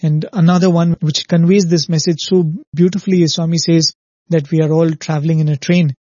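A man speaks earnestly in a spiritual talk, telling a parable and often checking in with his listeners. His voice sits a little high, with a mellow, slightly husky tone. The recording is dry and dull. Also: flat delivery, a little fast, no echo. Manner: earnest, repeats "very, very" and asks "right?".

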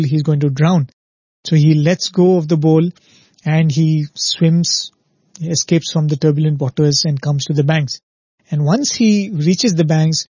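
A man's voice: on the high side, mellow, no room sound, highs cut off. A man giving an earnest spiritual discourse on a show, telling parables and often asking "right?". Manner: earnest, repetitive "right?" checks, storytelling.

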